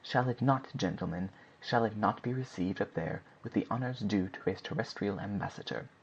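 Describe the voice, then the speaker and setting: A man's voice: on the low side, moderate pace, gravelly, breathy edge. A man voicing a fervent, grandiloquent male gun-club secretary who gives an impassioned, lofty speech. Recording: dull lo-fi recording.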